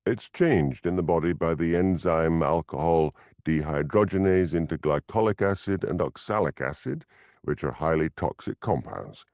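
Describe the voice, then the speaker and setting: A man's voice: low voice, animated, moderate pace, a little mellow, dry recording. Clinical female pathologist, matter-of-fact, dry sound, as a narrator puts her on. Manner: clinical and explanatory.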